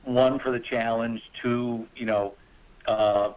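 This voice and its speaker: Animated man telling hunting stories, muffled. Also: medium pitch, slow. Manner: animated, acts out quoted voices with laughter. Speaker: guest hunter. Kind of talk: casual storytelling.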